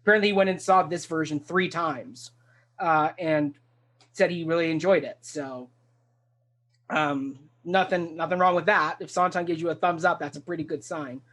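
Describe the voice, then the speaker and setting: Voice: mid-range voice, steady tone, normal speed, a bit bright. A talk show host in a casual discussion of a stage musical, talking enthusiastically and rambling with many restarts.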